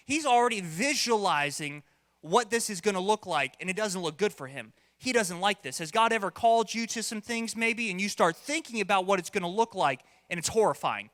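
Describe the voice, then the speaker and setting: A man's voice: high-pitched, expressive, brisk, a bit bright, big-room sound. A man preaching a sermon as pastor, conversational and playful, now and then acting out voices. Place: church hall.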